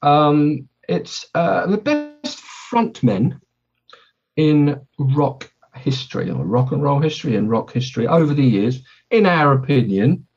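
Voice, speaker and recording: A man's voice: on the high side, big pitch swings, a little slow, darkish tone, husky, muffled recording. A man hosting a podcast in casual chat, rambling and correcting himself as he talks. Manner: rambling, self-correcting, chatty. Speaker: podcast host.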